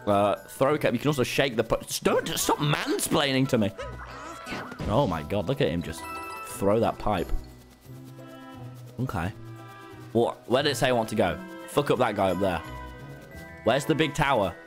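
A man streaming a game live, excitable and swearing, talking back to his chat. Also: medium pitch, normal speed, long pauses, music in the background. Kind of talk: live gameplay commentary.

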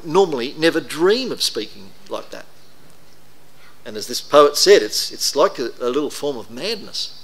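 A man's voice: a little high, fairly bright tone. A middle-aged man, preaching a conversational, anecdotal sermon to a congregation. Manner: conversational, anecdotal, self-deprecating. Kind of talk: sermon talk.

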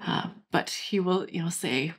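A young woman hosting a channel, calmly and gently guiding listeners through a step-by-step brain training exercise. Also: fairly low pitch, measured pace, breathy edge. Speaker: channel host, recovery coach. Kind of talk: guided exercise instruction.

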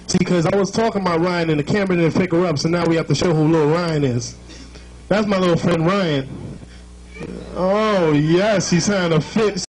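A man with a Jamaican accent hosts a live show, speaking in a notably high voice. He jokes and teases the crowd in a playful, chatty way. A faint noise sits under his voice. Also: moderate pace, darkish tone, rough recording. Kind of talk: joking crowd work.

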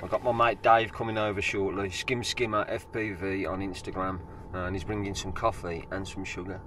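A man with an English accent chatting casually and excitably in his drone vlog, swearing freely. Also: low-pitched, moderate pace. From England. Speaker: FPV drone vlogger. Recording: loud background noise.

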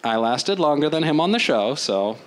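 This comedian's voice sits fairly high and swings widely in pitch as he improvises a loose, rambling club set at normal speed, swearing freely and mocking himself. Crowd noise and laughter fill the noisy live recording.

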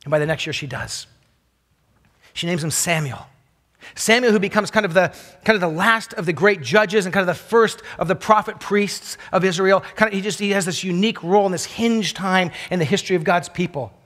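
A man preaching a sermon as a pastor, telling a story earnestly, repeating phrases and dropping his voice low for emphasis. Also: fairly quick, a bit bright. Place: college chapel. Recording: long hall reverb.

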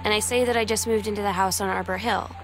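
A woman's voice: medium pitch, fairly even intonation, fast, fairly bright tone, slight background noise, natural voice. An actress voicing a teenage girl who narrates her diary in a wry, uneasy way, with faint music behind her. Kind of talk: game voice-over narration.

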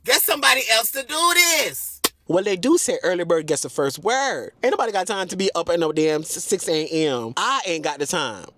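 A man's voice: fairly high pitch, expressive, brisk, few pauses, a little hiss or hum. A man telling a storytime vlog in a sassy, dramatic way, constantly calling his listeners "girl". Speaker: storytime vlogger. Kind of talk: casual storytelling.

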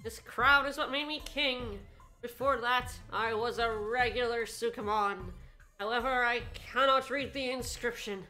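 A woman's voice: fairly high pitch, fairly even intonation, a little slow, bright, forceful tone, soft background music, voice pushed down, poor audio. A woman reading aloud the lines of a worried, pompous male slime king from a video game, in formal old-fashioned speech. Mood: fretful.

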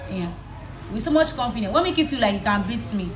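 A young Nigerian woman with a Nigerian accent, vlogging in a casual chat while she does her makeup, telling a story in an animated way. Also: a little high, fast, echoey room, slight background noise, poor audio. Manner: animated storytelling, switching between English and Yoruba.

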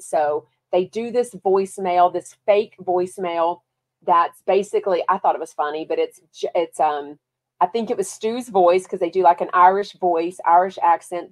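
A woman from Texas with a Texan accent, hosting a podcast and chatting casually about reality TV, reading viewer comments along the way. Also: fairly low pitch. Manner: chatty, lively, reads viewer comments aloud. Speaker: podcast host. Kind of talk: casual chat.

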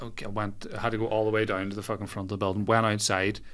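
A Northern Irish man chatting as a podcast guest, his voice sitting on the low side. He rattles quickly through rambling, comic anecdotes, swearing freely as he goes. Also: little pitch movement, a bit bright. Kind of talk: casual chat.

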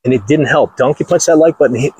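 A man's voice: medium pitch, fast, a little mellow, breathy edge, no echo, low-quality recording. A man from Los Angeles, hosting a blunt, crude vlog rant while walking outdoors on a golf course. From Los Angeles, USA. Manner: blunt, crude and mocking, laughs often. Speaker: channel host.

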